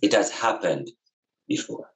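A man's voice: on the low side, expressive, unhurried, low-quality recording. A man talking as a guest over a video call, reasoning earnestly with impassioned, repetitive, preacherly emphasis. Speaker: podcast guest.

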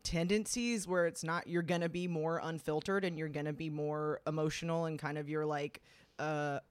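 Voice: mid-range voice, flat delivery, moderate pace, clear, resonant tone, dry recording. A podcast host explaining astrology signs in a casual chat. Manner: talks through astrology reasoning at length.

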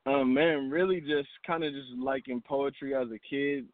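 A man's voice: medium pitch, fairly even intonation, normal speed, no room sound. A man calling in to a radio show as a hip hop artist guest, laid-back and polite, with many fillers. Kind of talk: phone-in interview. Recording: dry phone line.

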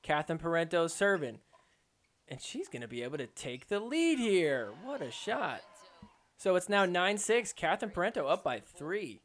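Man, podcast host, excitable joking recap of match footage, slightly high voice. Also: moderate pace. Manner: excitable, joking, mimics players in quotes. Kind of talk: sports recap commentary.

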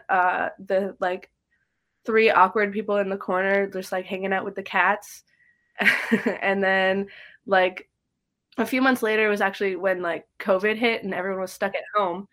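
A woman's voice: mid-range voice, level tone, moderate pace, fairly bright tone. A young woman who drums and teaches, telling stories in a casual podcast interview, chatty and full of fillers. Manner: chatty, storytelling, many likes and fillers. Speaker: guest drummer and drum teacher.

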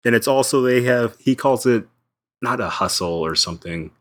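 A man co-hosting a podcast, giving thoughtful, measured analysis in casual chat. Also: medium pitch, animated, fairly bright tone. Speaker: podcast co-host. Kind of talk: casual chat about comics.

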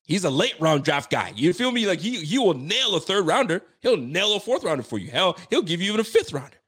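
A man's voice: sits high, sing-song, brisk, a bit bright, breathy edge. A young man hosting a sports show, venting in a heated postgame rant, slangy and repetitive. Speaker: sports podcast host.

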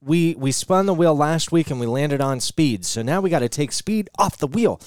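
A young man hosting a podcast with friends, his voice sitting a little high and swinging widely in pitch. He talks loosely and jokes around. The sound is dry and close. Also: normal speed, smooth, no room sound. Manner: animated, jokey, loose. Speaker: podcast host. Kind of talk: casual chat.

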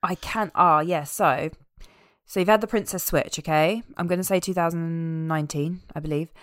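A woman chatting casually as a podcast co-host, animated and amused as she recaps a film. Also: fairly low pitch, moderate pace, no room sound, clean studio sound. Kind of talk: casual chat.

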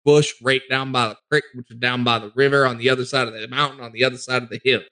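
A man's voice: medium pitch, steady tone, fast talker, sharp tone. A man voicing a folksy male forest gnome adventurer with a rambling drawl in a tabletop role-play.

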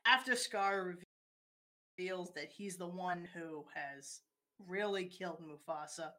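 A woman's voice: lowish voice, slow, pushed and bright. A woman in casual conversation, walking through a film scene step by step and acting out its quoted lines.

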